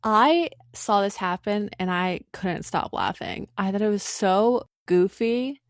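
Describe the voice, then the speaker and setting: A woman's voice: medium pitch, expressive, takes it slowly, dry recording, studio quality. A woman co-hosting a podcast, chatting in an amused, easygoing way. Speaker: podcast co-host. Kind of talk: casual chat.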